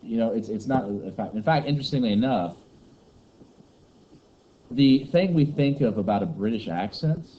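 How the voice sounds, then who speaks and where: Brief: low, mellow-voiced teacher, joking lecture, muffled classroom recording with faint hiss. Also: male voice. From Kentucky, USA. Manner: joking, rambling teacher banter.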